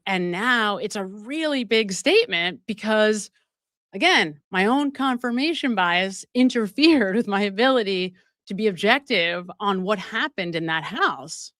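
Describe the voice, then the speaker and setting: Animated woman host, laughing as she talks. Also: mid-range voice, no echo, clean studio sound. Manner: animated and emphatic, laughing often mid-sentence; talks straight to viewers with many asides. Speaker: livestream host. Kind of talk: live-stream true crime commentary.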